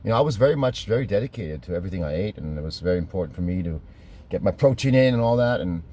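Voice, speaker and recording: Deep-voiced German man telling stories. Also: lively intonation, rapid-fire, dark tone. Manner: rambling, self-correcting, laughs at his own stories. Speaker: fitness trainer telling stories. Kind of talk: casual storytelling monologue.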